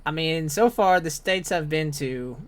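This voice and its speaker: A man's voice: fairly high pitch, a little slow. A man from Tennessee with a Southern accent, chatting loosely and swearing casually on a live game stream. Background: game music.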